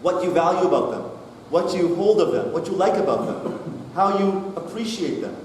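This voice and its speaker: A man's voice: sits high, moderate pace, slight background noise. Man preaching in an echoey hall. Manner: animated storyteller, acts out dialogue. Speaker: rabbi giving a talk. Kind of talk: storytelling talk to a congregation. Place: synagogue hall. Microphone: distant mic, far from the speaker. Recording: echoey hall recorded from far off.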